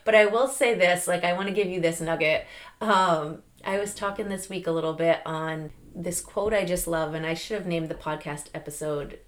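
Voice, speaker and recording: A middle-aged woman hosting a podcast, giving an animated, chatty motivational talk with lots of fillers and laughs. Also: on the low side, normal speed. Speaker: podcast host. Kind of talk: casual motivational monologue.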